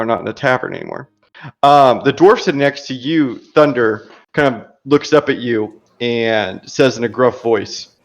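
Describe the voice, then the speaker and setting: A man narrating a tabletop role-playing game as game master, in a relaxed, chatty way. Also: mid-range voice, highs cut off. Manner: relaxed and chatty, laughs easily.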